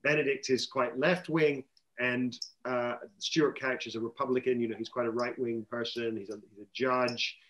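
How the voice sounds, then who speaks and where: A man's voice: medium pitch, steady tone, moderate pace, a bit bright. Chatty male film director in interview. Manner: chatty, anecdotal, quotes others. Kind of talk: press interview.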